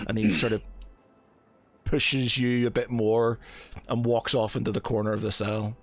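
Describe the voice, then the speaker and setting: A man's voice: on the low side, level tone, normal speed, pauses often, dry recording. A man narrating as game master of a tabletop game, hesitant, with lots of fillers and restarts.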